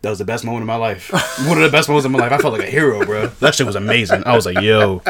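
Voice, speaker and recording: A man's voice: mid-range voice, very fast, a loud crowd. A young man from DC, co-hosting a podcast and telling stories in a casual chat, acting out what people said between laughs. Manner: animated storytelling, acts out quotes with laughter. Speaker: podcast co-host.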